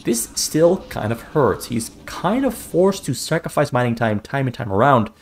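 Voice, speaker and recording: A man's voice: medium pitch, sing-song. Man casting a strategy game solo. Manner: brisk running commentary, repeats key phrases for emphasis. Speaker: esports caster. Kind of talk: solo play-by-play game commentary.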